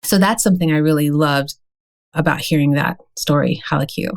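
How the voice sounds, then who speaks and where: A woman's voice: low voice, fairly quick, gravelly. A woman co-hosting a podcast, speaking in a reflective, encouraging way. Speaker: podcast co-host. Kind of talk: casual podcast chat.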